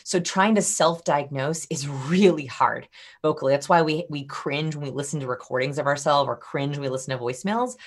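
Woman, body language expert, podcast guest, lowish voice, animated delivery. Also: brisk. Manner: animated, demonstrates vocal tones. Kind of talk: podcast interview.

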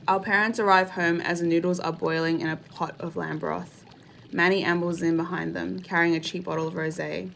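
Gravelly-voiced young woman reading an essay. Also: lowish voice, little pitch movement, fairly bright tone, slight background noise. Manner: measured, reflective reading. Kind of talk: reading a personal essay aloud.

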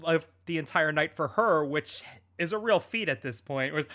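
Man, casual podcast co-host, bright tone, animated, mocking impressions. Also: on the high side, moderate pace. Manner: animated, does mocking voices of people he retells. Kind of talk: casual chat recapping wrestling.

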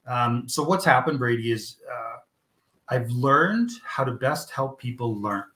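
A man's voice: mid-range voice, lively intonation, measured pace, pushed and bright. Blunt, swearing middle-aged male guest. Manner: blunt and emphatic, swears freely. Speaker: guest, founder of a youth mental-health program. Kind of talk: candid interview talk.

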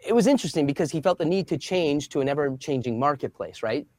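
Animated man telling a story as a guest. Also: fairly high pitch, quick pace, dry recording. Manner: animated storyteller, acts out quoted voices. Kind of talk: storytelling interview answer.

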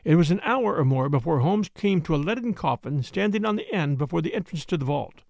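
A man narrating a classic detective story in an expressive, dramatic way. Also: on the high side, brisk, creaky, no echo. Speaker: audiobook narrator.

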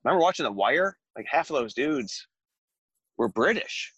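A man's voice: medium pitch, big pitch swings, moderate pace, a bit bright, slightly rough, no room sound, highs cut off. A man co-hosting a casual podcast with an American accent, joking and laughing often as he chats. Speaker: podcast co-host. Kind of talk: casual chat.

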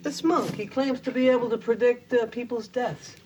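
An actor playing an eager young man in a TV episode, chatty and excited. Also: very high-pitched, normal speed. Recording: noisy TV clip audio.

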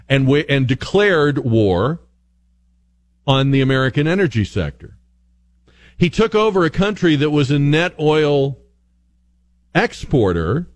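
A man's voice: mid-range voice, dry recording. A man hosting a talk radio show, delivering an opinionated monologue full of rhetorical questions. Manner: argumentative, rhetorical questions, animated.

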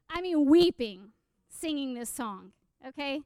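A woman giving an animated personal testimony sermon, telling stories with quoted asides and questions to the audience. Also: sits high, normal speed, dry recording, clean studio sound. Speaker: speaker at a church gathering.

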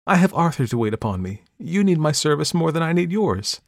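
Spirited young woman, high and defiant, voiced by a male reader, dry close sound. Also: very animated, a little fast, no echo. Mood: pleading.

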